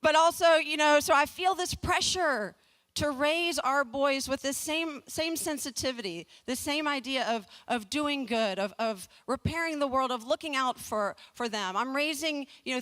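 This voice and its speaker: Her voice sits high and a bit bright as she speaks at a measured pace, a woman in her forties from the American South addressing a community fundraiser. The talk is funny personal storytelling, full of well-timed jokes, jabs at herself, restarts and repeated words.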